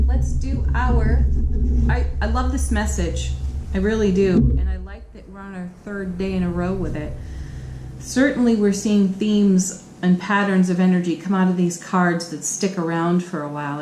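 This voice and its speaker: Low-voiced woman giving an encouraging tarot reading. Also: steady tone, moderate pace, background noise. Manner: warm, encouraging, affirming. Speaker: tarot reader. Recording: echoey room with faint ambience.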